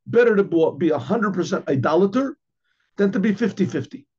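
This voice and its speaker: A middle-aged rabbi teaches an informal class, his slightly high, husky voice doubling back on phrases and pausing to clear his throat. He tosses out rhetorical questions as he explains a text. The recording sounds dull and lo-fi. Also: animated, a little mellow.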